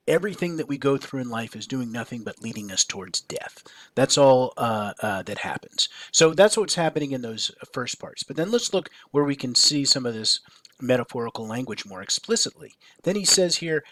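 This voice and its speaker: A man's voice: mid-range voice, fairly bright tone. A male teacher explaining a lesson, hesitant, with many fillers and restarts and frequent checks of "right?". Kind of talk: recorded classroom lecture.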